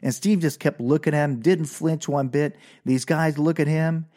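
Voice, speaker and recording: Animated storytelling man, drawl. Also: a little high, normal speed. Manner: animated, excitable storyteller with laughs. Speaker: podcast host and comedian. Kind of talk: storytelling monologue.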